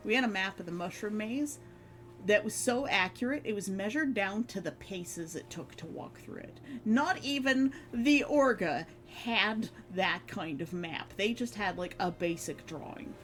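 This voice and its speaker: A woman's voice: medium pitch, expressive, unhurried, fairly bright tone, soft background music. A woman streamer chatting casually, rambling with fillers and frequent laughs. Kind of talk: casual chat.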